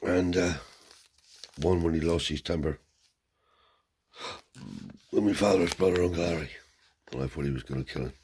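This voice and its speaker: A man's voice: low voice, moderate pace, pauses often, a little mellow, a little hiss or hum. A man telling a family story in a rambling, casual way, slipping in Romani cant words and tag questions. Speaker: storyteller and channel host.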